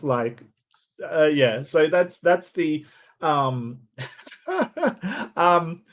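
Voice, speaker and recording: A man hosting a debate review, talking in casual, sarcastic commentary with laughing asides. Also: mid-range voice.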